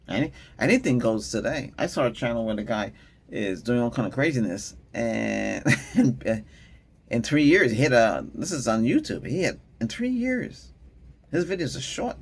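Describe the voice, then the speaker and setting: A man's voice: medium pitch, big pitch swings, normal speed, vocal fry, slightly rough. A middle-aged man hosting a tech channel, chatting casually and rambling, often laughing and trailing off mid-thought. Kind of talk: casual rambling vlog chat.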